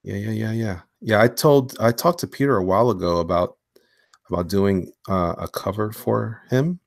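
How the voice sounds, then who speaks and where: A man hosting a casual live stream from his home studio while drawing, talking in slang and swinging between hyped greetings and low mumbles. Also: moderate pace, gravelly, no room sound. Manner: animated, slangy, hyped one moment and mumbling low the next. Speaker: livestream host and comic illustrator.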